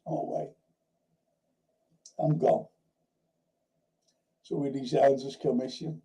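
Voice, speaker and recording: A man's voice: medium pitch, level tone, slow pace, long pauses, warm tone, low-quality recording. A man hosting a film and TV review livestream, telling rambling anecdotes in casual chat, swearing now and then and often restarting his sentences. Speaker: host of a film and TV review show.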